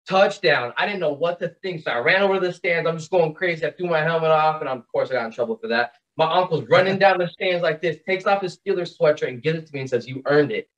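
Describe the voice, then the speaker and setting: Excitable young man, slightly dull audio. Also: a little high, quick pace, hardly any pauses. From Pacific Northwest. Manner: excited storytelling with fillers. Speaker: podcast guest. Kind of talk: casual chat. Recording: dull lo-fi sound.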